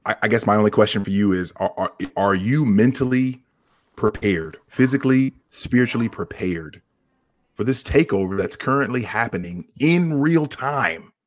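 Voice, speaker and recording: A man's voice: lowish voice, lively intonation, moderate pace. A man hosting a podcast, hyped and playful, often stammering in casual chat. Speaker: podcast host.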